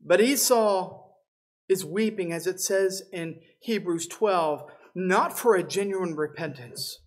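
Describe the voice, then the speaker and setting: A pastor preaches from the pulpit and retells a scripture story with steady, earnest delivery. He walks his listeners through the passage, stopping now and then to explain it. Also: high-pitched, slow pace. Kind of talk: sermon.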